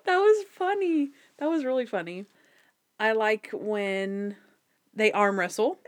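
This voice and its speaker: A woman's voice: mid-range voice, a little slow. A young adult woman co-hosting a casual podcast, recapping an episode with lots of laughter and acted-out quotes. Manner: animated, laughing, acts out quotes in varied voices. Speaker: podcast co-host.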